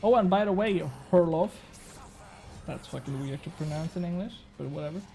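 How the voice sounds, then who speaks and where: A man's voice: a little high, moderate pace, dark tone, slight background noise. A young man streaming a game, chatting casually and bantering with his chat, swearing now and then.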